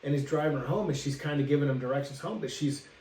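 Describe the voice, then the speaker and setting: A man's voice: fairly high pitch, fast, darkish tone. Man, podcast co-host, casual rambling storyteller, echoey room, distant mic. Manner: rambling, acts out the characters' lines. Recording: roomy echo, away from the mic, faint hiss.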